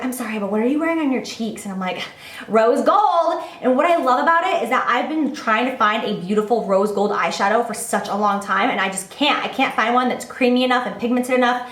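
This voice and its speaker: A young woman with a fairly high voice gushes over her favorite beauty products in a chatty, animated vlog. She talks to her viewers like friends, in an echoey room at home. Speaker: beauty vlogger. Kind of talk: casual product review.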